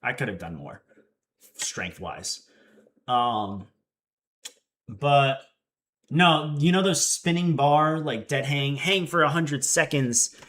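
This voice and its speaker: A young man in his twenties chatting casually on a livestream and telling an animated story, acting out the quotes. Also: medium pitch, slow, long pauses. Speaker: streamer.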